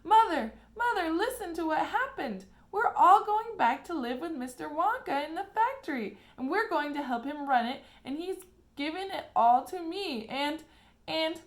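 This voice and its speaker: A woman reading aloud and voicing an eager young boy who tumbles over his words when excited. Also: a little high, normal speed, hardly any pauses. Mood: thrilled. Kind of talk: storybook read-aloud.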